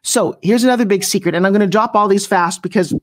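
A middle-aged woman coaching people on pitching in an interview, brash and punchy, often slipping into mocking voices. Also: fast talker. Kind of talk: energetic motivational coaching talk.

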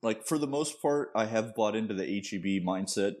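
A man's voice: fairly low pitch, fairly quick, a little mellow. A young man, co-hosting a podcast in laid-back casual chat and swearing freely. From Texas. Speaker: podcast co-host.

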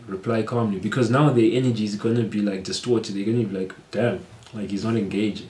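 A man talks viewers through his advice in an earnest, steady, explanatory way. His voice sits at an ordinary mid pitch. The recording picks up a noticeable room echo. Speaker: vlogger giving advice. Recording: roomy echo.

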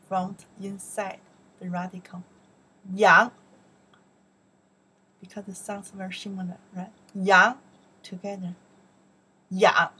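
A woman with a Chinese accent teaching vocabulary, saying each word loudly and explaining it more softly in English. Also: mid-range voice, husky, low-quality recording. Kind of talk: vocabulary lesson, repeating words aloud.

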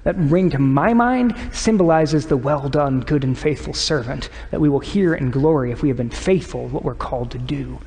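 A male pastor gives a sermon in a church sanctuary, and his slightly high voice carries a long reverb through the room. He talks in an earnest, conversational way and sometimes sinks to a hush. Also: moderate pace, few pauses. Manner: earnest, conversational preaching that drops to hushed tones.

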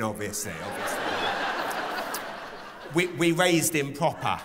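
A man doing a stand-up set, animated and profane, acting out bits of dialogue. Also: a little high, moderate pace. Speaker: stand-up comedian. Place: large theatre stage with a live audience. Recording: theatre reverb with faint crowd noise.

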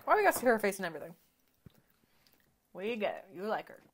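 Lively chatty woman reacting to a film. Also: mid-range voice, quick pace. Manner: chatty, thinks aloud, drops to quiet murmurs. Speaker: reaction video host. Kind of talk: casual movie reaction commentary.

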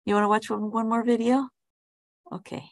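Her voice runs somewhat high with a level tone and normal speed, recorded dry. A woman is teaching an online English class on a video call, casually asking students friendly questions while hesitating, saying "um" a lot and restarting often.

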